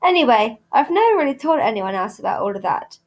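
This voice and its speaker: A woman's voice: fairly high pitch, big pitch swings, quick pace. A woman reading aloud, voicing an earnest, bookish young girl who speaks a little awkwardly. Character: thoughtful, earnest girl who loves books.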